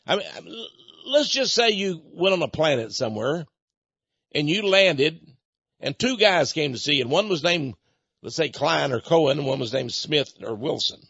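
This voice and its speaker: Male radio host, slightly high and husky, emphatic and mocking in monologue, dry lo-fi sound. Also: expressive, normal speed, a bit bright, dry recording.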